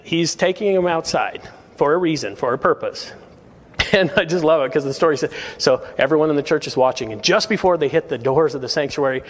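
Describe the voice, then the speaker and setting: Pastor exhorting in a reverberant sanctuary. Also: male voice, a little high. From United States. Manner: earnest, exhorting, with quick chuckles. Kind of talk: sermon. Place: church sanctuary.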